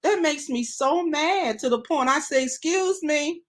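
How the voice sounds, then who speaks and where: Middle-aged woman, host of a live online talk show; casual, chatty, slightly high pitch, greets viewers as she reads their comments. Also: normal speed.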